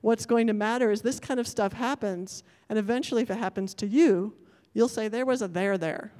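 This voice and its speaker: Her voice is a little high, a little fast, and mellow as she gives an academic talk to a conference audience, the sound trailing off in the long reverb of a big lecture hall. Thoughtful and self-correcting, she keeps restarting and reshaping her sentences and says sorry for technical glitches.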